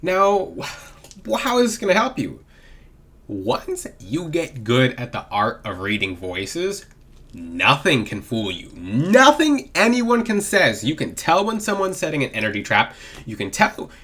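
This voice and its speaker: Man with a swooping, lively voice. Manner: animated, swooping pitch to demonstrate; rambling with frequent restarts. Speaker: spiritual voice coach. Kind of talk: casual advice vlog.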